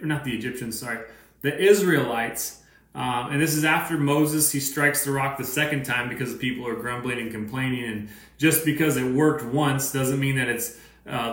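A man's voice: fairly high pitch, fairly bright tone. A man giving a casual, conversational sermon as pastor, full of "right?" asides and fillers. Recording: echoey room.

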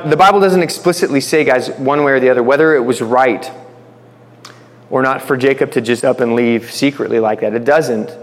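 A man gives a relaxed Bible-study sermon at an ordinary pitch, chatty and informal, often restarting his phrases. His voice carries a long reverb tail, as if recorded in a hall. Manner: informal, restarts phrases, addresses listeners as guys. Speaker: Bible teacher.

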